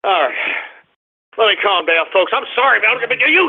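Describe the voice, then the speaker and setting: Gravelly ranting radio host, high voice. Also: male voice, very animated, brisk. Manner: loud, blustering, taunting callers. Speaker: radio call-in show host. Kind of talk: ranting call-in radio talk. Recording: phone-quality lo-fi broadcast audio.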